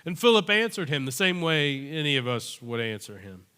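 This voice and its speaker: A male pastor delivering a sermon as animated storytelling, acting out the characters' voices. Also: fairly high pitch, moderate pace, clear, resonant tone. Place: church. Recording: long church-hall reverb.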